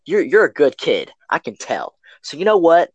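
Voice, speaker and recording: A man doing a furious, threatening mother in a raised, high voice. She hurls accusations and repeats herself. The sound is dry and close. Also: sing-song, normal speed, breathy edge, dry recording, muffled recording. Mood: sweetly pushy. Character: furious middle-aged mother, shrill and threatening.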